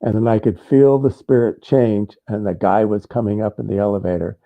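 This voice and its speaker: A man's voice: lowish voice, fairly even intonation, brisk, vocal fry, phone-quality sound. A man telling an anecdote in casual live-stream chat, rambling and correcting himself. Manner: rambling retelling with self-corrections.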